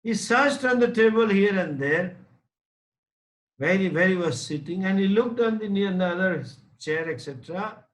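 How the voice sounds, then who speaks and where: A man's voice: sits high, lively intonation, rough recording. A man giving a spiritual lecture as a teacher, making his points emphatically and illustrating them with a story. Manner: deliberate, anecdotal, emphatic.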